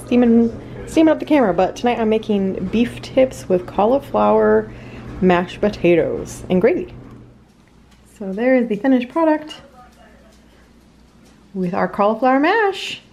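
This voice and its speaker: A woman's voice: fairly high pitch, lively intonation, measured pace, vocal fry, long pauses, a little mellow, slight background noise. A young woman casually vlogging in her home kitchen, chatty and upbeat, with bad jokes, on a handheld camera.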